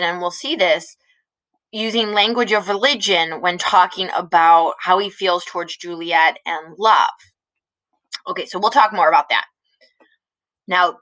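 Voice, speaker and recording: A woman's voice: mid-range voice, bright, forceful tone, rough recording. A woman teacher explaining a play in a casual, chatty way with many fillers. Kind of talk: explaining a play in a recorded lesson.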